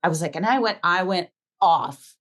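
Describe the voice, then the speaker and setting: A woman's voice: on the low side, lively intonation, moderate pace, fairly bright tone. A middle-aged woman co-hosting a podcast, telling a long story in casual chat and acting out the dialogue with animation. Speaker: podcast co-host.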